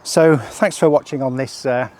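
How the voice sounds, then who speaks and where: A man's voice: mid-range voice, moderate pace, darkish tone, slight background noise. A man walking his rural property outdoors, talking casually and out of breath, rambling with fillers as he tests a product. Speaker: product developer presenting a range test.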